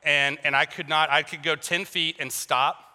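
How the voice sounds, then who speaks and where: Male preacher, high voice, keeps the sermon light with jokes and questions to the crowd; recorded in a reverberant hall. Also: normal speed. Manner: animated, joking, talks to the crowd with questions. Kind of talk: sermon with personal storytelling. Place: large hall with a congregation. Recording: long reverb from a large hall.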